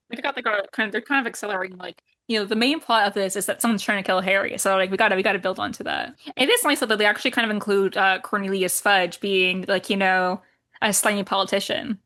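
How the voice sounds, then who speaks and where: A woman's voice: medium pitch, fast, pushed and bright. A woman co-hosting a podcast, chatting casually about a film, with frequent fillers and laughs. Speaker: podcast co-host. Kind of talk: casual film review chat.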